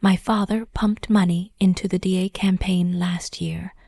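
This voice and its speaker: A cruel, smug rich ex-husband, whispered by a woman in low, smooth, taunting tones. The whisper is dark and husky, with a gravelly edge, close and dry. It is whispered role-play. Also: fairly even intonation, measured pace, dry recording. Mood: cold menace.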